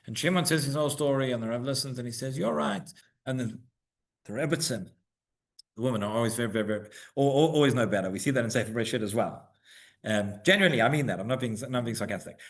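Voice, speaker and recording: A man's voice: mid-range voice, quick pace. A man teaching the weekly Torah portion to a congregation in a synagogue. He keeps asking rhetorical questions, checks in with "right?", and repeats words as he builds each point.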